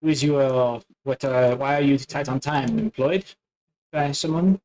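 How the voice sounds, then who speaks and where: A man voicing a weary, guarded woman in a tabletop game, who asks calm, measured questions. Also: medium pitch, close to an everyday voice. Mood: calm, probing.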